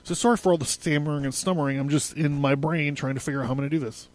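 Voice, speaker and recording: A man's voice: fairly high pitch, steady tone, rapid-fire, noisy background. A man hosting a solo podcast, rambling and profane, laughing often and stammering through his notes. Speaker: podcast host. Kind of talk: casual solo podcast commentary.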